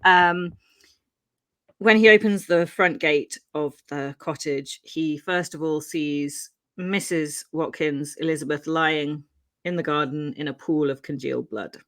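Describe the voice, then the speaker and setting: A woman's voice: low-pitched, a little slow, a bit bright. A woman from Wales, co-hosting a podcast and telling a true-crime case in a chatty style, laughing easily and using many ums. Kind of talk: casual true-crime storytelling.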